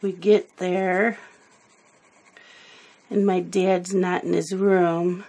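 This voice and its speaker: A woman's voice: lowish voice, level tone, extremely slow, dark tone. A woman telling a rambling family story in casual chat while she colors, sometimes losing her words. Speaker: coloring video host.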